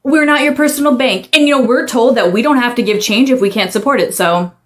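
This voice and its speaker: A woman's voice: on the high side, a little fast, lightly acted. A woman playing a curt young cashier who answers dismissively in a comedy skit.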